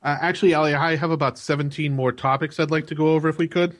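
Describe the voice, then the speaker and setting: A man's voice: a little high, fairly even intonation, quick pace. A man co-hosting a gaming podcast, teasing his co-host in casual banter with chuckles.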